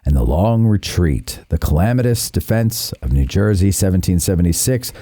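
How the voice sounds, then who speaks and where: A man hosting a podcast in casual chat, a lively storyteller who laughs often. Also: low-pitched, moderate pace, no echo, studio quality. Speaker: podcast host.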